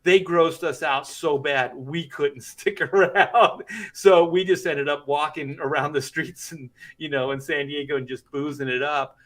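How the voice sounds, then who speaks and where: A man's voice: a little high, steady tone, unhurried, a bit bright. A middle-aged man, a comic artist, telling a rambling anecdote in casual chat and laughing through it.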